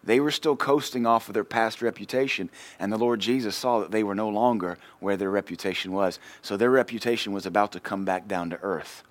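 A male pastor, preaching a sermon and telling a personal story in a lively way, swinging between loud and quiet. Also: on the low side, brisk, hardly any pauses.

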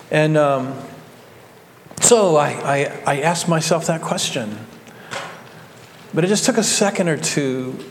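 A male pastor, preaching a sermon in a folksy storytelling way, slowing down for emphasis. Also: a little high, in a large hall, slight background noise.

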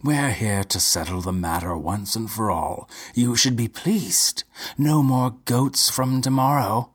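Guy reading it doing a nasty short-fuse count, shouty and sneering, kinda husky. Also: mid-range voice, measured pace. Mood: impatient. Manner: shouting, scornful. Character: hot-tempered, cruel nobleman hunting a dragon.

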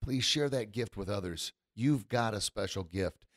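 A man hosting a podcast, effusive and deeply thankful, choked up with emotion. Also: moderate pace, a bit bright, no room sound, clean studio sound. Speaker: podcast host. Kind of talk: casual podcast chat.

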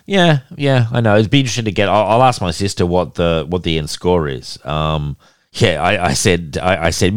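A man's voice: deep voice, brisk, no room sound, studio quality. A man co-hosting a casual film review podcast, chatty and swearing freely. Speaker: podcast co-host.

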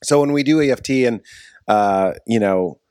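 A man's voice: mid-range voice, normal speed, darkish tone, smooth, no echo, clean studio sound. A man, a podcast host, in casual conversation, rambling and restarting his sentences. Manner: rambling, self-interrupting, with frequent restarts.

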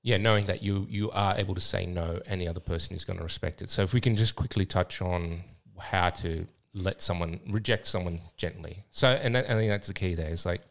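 A man's voice: sits low, a little fast, vocal fry, few pauses. A man co-hosting a casual podcast chat, laughing easily and telling stories. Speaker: co-host.

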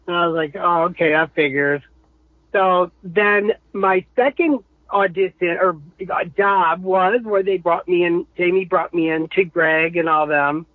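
A man, a guest voice actor, telling anecdotes casually and animatedly, his voice a little rough this morning. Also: sits high, no room sound. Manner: animated, quotes people in changed voices. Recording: thin phone-like call audio.

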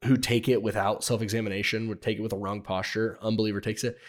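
A man's voice: on the low side, level tone, quick pace. A man co-hosting a casual podcast discussion, talking in a conversational, affirming way. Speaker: co-host.

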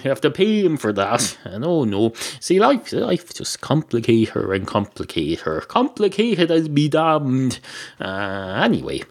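A man hosting a podcast, improvising a rambling comic monologue full of hesitations and tangents. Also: mid-range voice. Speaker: podcast host.

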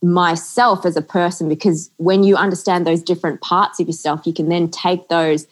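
A woman hosting a casual podcast chat, her voice pitched a little low. She speaks eagerly, often agreeing with her guest, and explains her points with strings of examples. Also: flat delivery, normal speed. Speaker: podcast host.

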